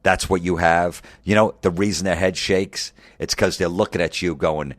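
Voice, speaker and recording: A man's voice: sits low, fairly even intonation, normal speed, few pauses, dry recording, studio quality. A comedian in his forties delivering an angry, mocking, profane comedic rant. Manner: angry, mocking, heavy swearing.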